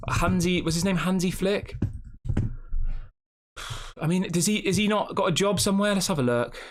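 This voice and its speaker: A man's voice: high voice, normal speed. A man hosting a fan channel live stream, rambling casually and reacting to the chat with rhetorical questions.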